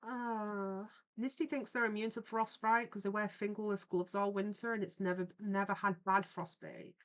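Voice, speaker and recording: A woman's voice: mid-range voice, little pitch movement, moderate pace. Chatty young woman streamer. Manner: chatty, rambling storytelling with asides. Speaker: livestream host and artist. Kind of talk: casual chat while drawing on stream.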